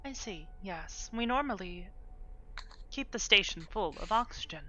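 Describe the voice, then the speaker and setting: A woman's voice: medium pitch, lively intonation, a little slow, bright, forceful tone. A woman voicing a polite, composed synthetic woman who runs a space station, in a live role-play. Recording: dull lo-fi mic, faint music.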